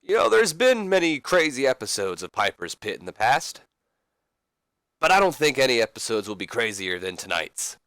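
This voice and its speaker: A man voicing a brash veteran wrestling talk-show host with showman hype and drawn-out emphasis. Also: mid-range voice, sing-song, a bit bright, no echo. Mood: hyping.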